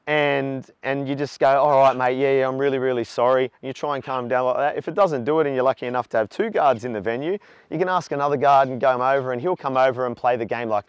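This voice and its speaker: A man's voice: medium pitch, fast talker, clear, resonant tone, no echo, dull audio. An Australian man in his forties, telling his own story in a candid, talkative interview. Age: 40s. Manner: talkative, animated when retelling stories. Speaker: charity walker.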